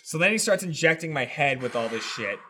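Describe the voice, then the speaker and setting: Bright-voiced man telling a story. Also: fairly high pitch, fairly quick. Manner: animated storytelling, swears a lot, acts out quotes. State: shaved head. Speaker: podcast co-host. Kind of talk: casual chat.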